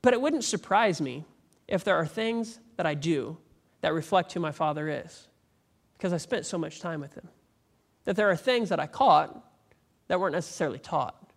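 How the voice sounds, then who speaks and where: A male pastor delivering a conversational, animated sermon that builds to emphatic peaks. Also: on the high side, normal speed, creaky. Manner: animated, rising to emphatic near-shouting peaks; conversational preaching with repeated restarts.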